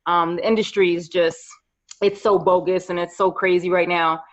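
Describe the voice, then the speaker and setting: A woman in her thirties from New York, a podcast guest telling her career story in lively casual chat. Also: lowish voice, moderate pace. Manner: animated storyteller, acts out quoted voices. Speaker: podcast guest, makeup artist. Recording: slightly dull lo-fi audio.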